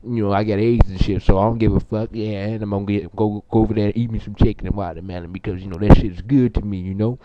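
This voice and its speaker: A young man with a lowish voice talks fast with few pauses and a steady tone, sounding close to everyday speech over background noise. In an improvised comedy monologue he plays a crude, boastful, foul-mouthed character, rambling, stumbling, swearing, and using many fillers. The recording is muffled, lo-fi, and amateur.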